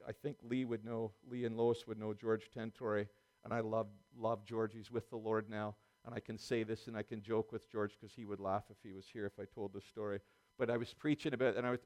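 A man preaching a sermon in a church, then leading the congregation in prayer. He talks earnestly, circles back over the same phrases and trips on the first words of his sentences. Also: medium pitch. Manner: earnest, repeats phrases, stammers on starts. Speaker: pastor. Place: church service.

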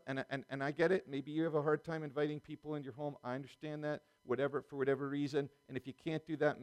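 A man's voice: a little high, darkish tone. A middle-aged man preaching a sermon in a conversational way, full of restarts and small chuckles.

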